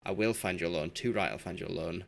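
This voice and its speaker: Man, game streamer, hoarse and fading voice, lowish pitch, rambling casual chat. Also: brisk. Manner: rambling, talks to the game's players as he goes. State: losing his voice. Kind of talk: casual live-stream commentary while playing.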